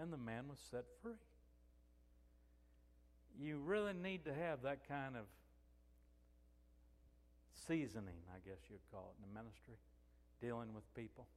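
A man's voice: mid-range voice, long reverb tail. A man preaching a sermon as a pastor, telling stories and acting out the quoted dialogue. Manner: storytelling, acts out quoted dialogue.

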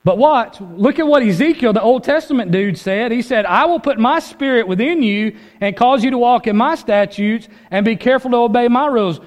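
A man preaching a sermon as pastor, urgent and conversational, dropping low then rising with force. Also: fairly quick, hardly any pauses, big-room sound. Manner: urgent, conversational preaching with dramatic drops and rises.

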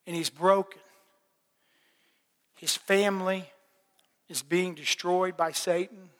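Middle-aged preacher guy, folksy and plainspoken, kinda high voice, long echo like a big church. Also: fairly even intonation, slow pace, a bit bright. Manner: plainspoken, folksy testimony with laughs and repetitions. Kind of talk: sermon. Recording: long hall reverb.

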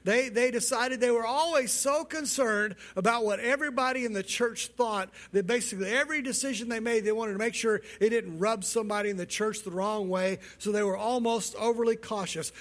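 A male pastor preaching a sermon, telling a long joke in an animated storytelling manner and often repeating words. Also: high voice.

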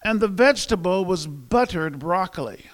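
A man's voice: sits high, lively intonation, normal speed, in a large hall. A male pastor preaching a sermon, telling jokes and polling the congregation in a chatty way. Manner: conversational, polls the congregation. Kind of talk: sermon with humor and audience interaction.

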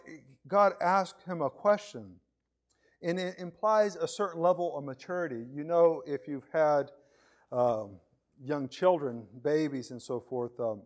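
A man delivers a sermon in a loose, conversational way. His voice sits a little higher than most men's, and he often restarts phrases by repeating a word or two. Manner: conversational, repeats words when starting phrases; acts out voices of others in his examples. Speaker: preacher.

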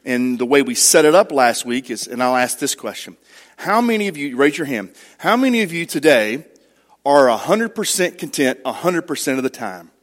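A man's voice: medium pitch, lively intonation, normal speed. A middle-aged man preaching to his congregation, telling stories and putting questions to them. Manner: conversational storytelling, asks the congregation questions. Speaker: pastor. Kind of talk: sermon.

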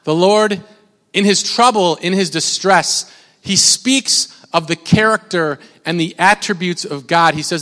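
High-voiced pastor preaching in a reverberant hall. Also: male voice, unhurried, pushed and bright. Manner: conversational and rambling, with many restarts. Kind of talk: sermon. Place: church sanctuary. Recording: long reverb of a large church hall.

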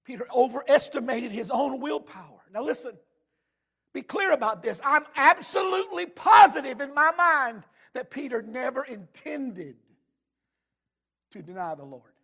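A man preaching a sermon as pastor, swinging from shouted emphasis to hushed, low tones. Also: animated, normal speed.

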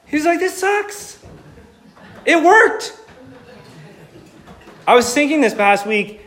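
Guy preaching, high voice, chatty and jokey, lively. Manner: animated, conversational, joking. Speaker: pastor. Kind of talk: sermon.

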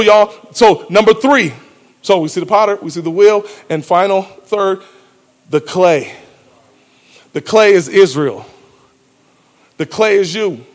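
A woman preaching a lively sermon, emphatic and often shouting, laughing between lines and calling out to the congregation. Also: medium pitch.

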